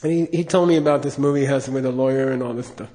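A man's voice: mid-range voice, fairly even intonation, rapid-fire, mellow, big-room sound. A man giving a Buddhist talk in a chatty, joking way, leading mantra chanting and telling stories. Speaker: Buddhist teacher. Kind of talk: dharma talk with storytelling.

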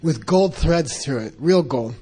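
Guy rambling through a funny story, lots of uhs, laughs a lot, bit high voice. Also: animated, a little slow, warm tone, slightly rough. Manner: rambling, many fillers and restarts, laughs often. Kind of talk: casual anecdote telling.

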